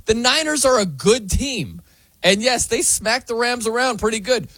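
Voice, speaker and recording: An American man hosts a sports talk show, driving his points with emphatic rhetorical questions. His voice sits high and moves around a lot, with a husky edge. The sound is close and dry. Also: animated, moderate pace, sharp tone, no echo.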